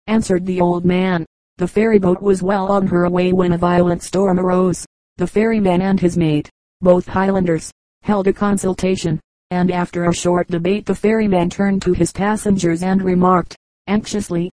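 Female audiobook reader, low mellow tone, dry close sound, steady joke-book delivery. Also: moderate pace, dry recording, rough recording. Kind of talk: reading aloud a joke book.

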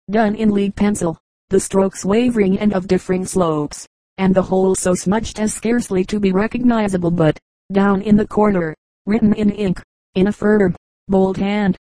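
A woman reading a novel aloud as an audiobook narrator, calm and measured. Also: mid-range voice, no echo, low-quality recording. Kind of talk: scripted narration.

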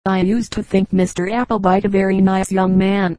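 A woman's voice: mid-range voice, little pitch movement, normal speed, warm tone, dry recording, lightly acted. Woman reading a catty gossiping spinster.

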